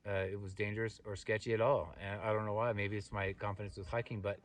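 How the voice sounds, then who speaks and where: A middle-aged man talks quickly in a lowish voice, rambling through a trail story with lots of "uh"s and restarts. He sits a little way off from the mic, so he sounds slightly distant. He is a hiking vlogger speaking casually to his viewers. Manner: rambling, animated retelling with many fillers and restarts. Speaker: thru-hiker vlogger. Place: outdoors on a mountain trail.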